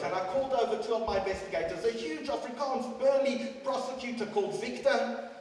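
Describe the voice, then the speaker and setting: A man's voice: very high-pitched, brisk, distant mic. Man speaking in an echoey hall. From South Africa. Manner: dramatic storyteller, swings between loud and quiet. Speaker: guest speaker. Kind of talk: storytelling speech. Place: large school hall.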